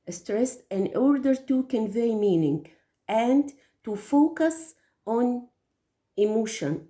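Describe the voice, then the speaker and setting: A woman's voice: on the high side, dark tone. A woman whose first language is Arabic gives English teaching tips, explaining carefully with some hesitations. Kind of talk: teaching tips, spoken lesson. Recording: echoey room.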